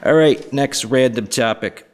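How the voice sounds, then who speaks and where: A man from the area hosting a podcast, rambling through crude, jokey topics with quick mocking voices. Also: medium pitch. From Boston area, US. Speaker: podcast host. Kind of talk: casual monologue.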